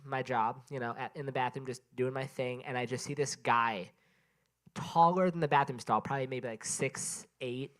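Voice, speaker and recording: Tired rambling open mic comic. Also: male voice, medium pitch, clear, resonant tone. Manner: rambling, self-interrupting, chatting with the crowd. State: sleep-deprived and tired. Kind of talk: stand-up comedy set. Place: small indoor open mic venue.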